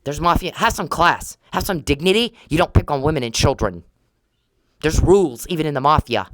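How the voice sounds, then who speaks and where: A woman's voice: deep voice, lively intonation, brisk, no room sound, rough recording. A woman delivering an angry, accusing podcast monologue straight at someone she blames, repeating herself in a confrontational way. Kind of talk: angry monologue aimed at an absent person.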